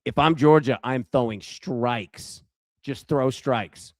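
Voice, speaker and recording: A man hosts a live sports stream in a loose, chatty way, with plenty of fillers and restarts. His voice sits at an ordinary middle pitch. The sound is dry and close, with no room echo. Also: slow pace, a little mellow. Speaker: live sports betting show host. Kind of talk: casual live-stream chat.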